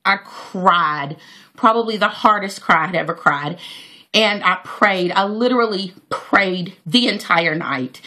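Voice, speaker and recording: A woman's voice: medium pitch, sharp tone. A woman, telling a heartfelt personal story to her viewers with many fillers and praise for God. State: near tears. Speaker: vlogger.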